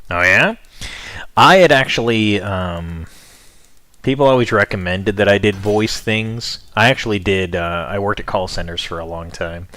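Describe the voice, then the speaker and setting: Young American male streamer, very low voice, casual rambling chat. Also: moderate pace, sharp tone, dry recording. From United States. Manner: rambling, chatty, offhand. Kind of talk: casual chat with viewers while playing.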